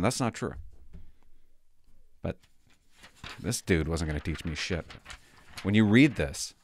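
Candid retired cop rambling through stories. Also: male voice, low voice, lively intonation, slow pace, long pauses, no room sound. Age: older. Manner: rambling, candid, drifts between loud and hushed. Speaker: retired police officer telling stories. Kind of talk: casual storytelling to viewers.

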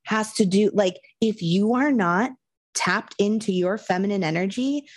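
A woman co-hosting a podcast in casual chat, warmly affirming her partner with frequent "yeah" and "wow". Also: medium pitch, a little slow. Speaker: podcast co-host.

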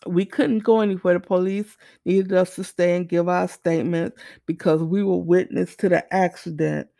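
A middle-aged woman telling a personal testimony story, animated, acting out the dialogue as she goes. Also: on the low side, normal speed, vocal fry, no room sound, studio quality.

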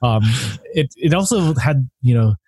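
A man in mid pitch hosts a relaxed podcast chat, animated and quick to laugh as he acts out his reactions. The sound is dry and close, with no room around it. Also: husky, no echo. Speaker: podcast host. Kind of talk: casual chat.

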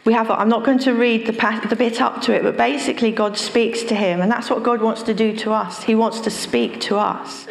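A woman's voice: a little high, steady tone, a little fast, vocal fry, hardly any pauses, echoey room, a little hiss or hum. A woman pastor preaching a sermon, speaking emphatically and repeating phrases for stress.

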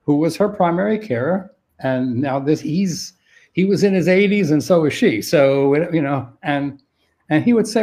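An older man sharing caregiving advice on dementia in a thoughtful, halting way with frequent restarts. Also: on the high side, a little mellow. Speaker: dementia care expert guest. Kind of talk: conversational advice on a live stream.

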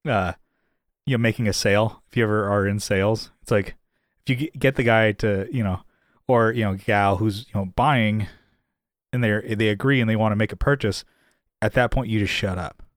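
A man's voice: on the low side, moderate pace, dry recording, studio quality. A man co-hosting a podcast in casual chat, retelling stories and acting out the quotes in raised voices. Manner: animated storyteller, acts out quotes in raised voices. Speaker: podcast co-host.

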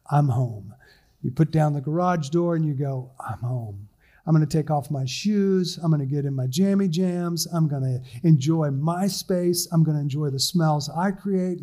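A man's voice: on the high side, mellow. A middle-aged man, a lead pastor, preaching a conversational sermon in a church, with frequent ums and restarts.

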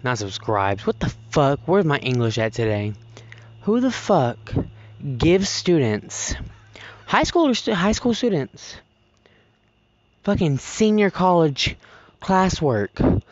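A teenage high school student ranting casually on a podcast, profane and dramatic. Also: big pitch swings, takes it slowly, pauses often, dry recording, highs cut off. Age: teens. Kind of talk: casual rant.

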